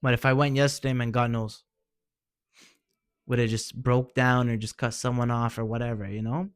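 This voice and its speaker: A man with a smooth mid-range voice talks at normal speed with a flat delivery, recorded clean in a studio with no room sound. Like a vlogger sharing personal experience, he gives earnest, encouraging advice in casual slang, often calling the listener man or bro.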